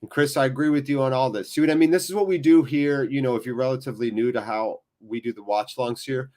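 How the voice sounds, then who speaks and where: An emotionally drained American man hosts a live football watchalong and chats to viewers in a rambling, casual style. His mid-range voice has a darkish tone and fairly even intonation, and he talks at a quick pace.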